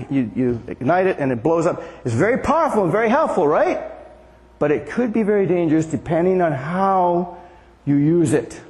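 A man's voice: a little high, a little mellow, big-room sound. An older man giving a conversational sermon as pastor, often asking the congregation questions. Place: church.

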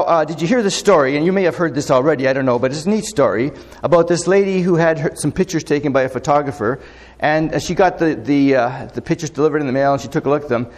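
Man, pastor, sermon, higher voice, chatty, many fillers, asks the congregation questions, long hall reverb. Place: church sanctuary. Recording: long echo of a large hall.

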